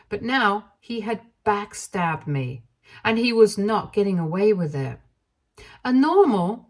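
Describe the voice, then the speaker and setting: A woman reading a first-person story aloud in an even, measured narration style. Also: medium pitch.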